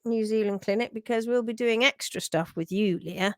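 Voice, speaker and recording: A woman's voice: a little high, moderate pace, no echo, clean studio sound. A middle-aged woman hosting a live stream, chatting casually and greeting viewers as she reads out their comments. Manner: chatty, warm greetings, frequent restarts and laughs. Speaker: livestream host.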